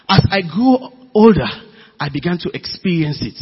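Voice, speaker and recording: Animated preacher in a reverberant hall. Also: male voice, high-pitched, moderate pace, slightly rough. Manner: animated, emphatic preaching with sudden loud bursts. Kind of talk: sermon. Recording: dull lo-fi audio with long hall reverb.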